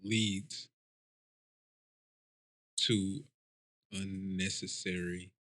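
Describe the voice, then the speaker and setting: A man's voice: deep voice, level tone, extremely slow, a bit bright, dry recording. A man hosting a podcast who breaks into casual chat with short points of pushback. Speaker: podcast host.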